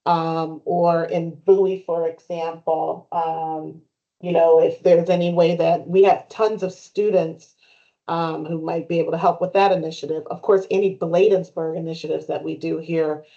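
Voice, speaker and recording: Halting low-voiced woman at a meeting. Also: little pitch movement, mellow. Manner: halting, many fillers and restarts. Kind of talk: meeting discussion. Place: meeting room. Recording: muffled meeting recording.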